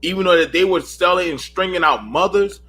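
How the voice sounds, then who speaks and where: A man in his thirties runs a heated panel call, pressing his points with preachy repetition. His voice sits high and bright, with a husky edge. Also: fairly quick, faint music behind. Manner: preachy and emphatic, repeats himself. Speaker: host of a panel call show.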